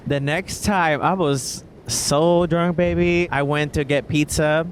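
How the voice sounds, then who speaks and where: Giggly, expressive man telling stories. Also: fairly high pitch, slow pace, slight background noise. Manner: expressive, laughs often, calls listener baby. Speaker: singer-songwriter and podcast host. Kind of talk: casual storytelling monologue. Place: Los Angeles, indoors.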